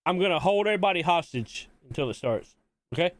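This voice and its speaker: A man's voice: a little high, expressive, fast talker, no echo. A man from Mississippi, chatting casually to viewers while hosting a live-stream watch party, rambling and repeating himself.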